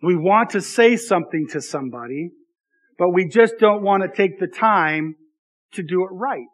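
High-voiced man preaching a casual sermon. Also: lively intonation, normal speed. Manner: conversational, self-deprecating, frequent "right?" asides. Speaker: pastor.

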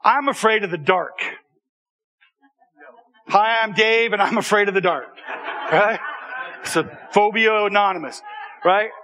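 Storyteller, male, high bright voice, chatty and animated with audience asides. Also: unhurried, long pauses, lo-fi sound. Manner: animated, conversational, with repeated restarts and audience asides. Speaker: speaker telling a personal story to an audience. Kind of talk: storytelling talk.

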